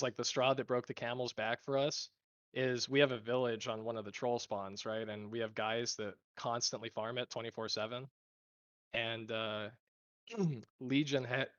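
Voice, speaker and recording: A man talks loosely about his gaming guild, rambling and cursing and acting out quoted arguments. His voice sits at an ordinary pitch. The sound is dull and lo-fi, with no room echo at all. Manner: rambling, swears freely, quotes others in animated bursts. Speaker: guild leader. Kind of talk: casual interview answers.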